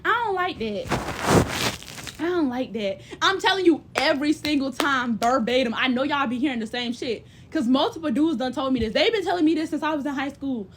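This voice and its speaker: Young woman w a high voice, blunt cussing big-sister talk, animated, does little impressions. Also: fast, hardly any pauses, background noise. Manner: blunt, profane, sisterly advice-giving; animated, mimics others' voices. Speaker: livestream host. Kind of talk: casual chat.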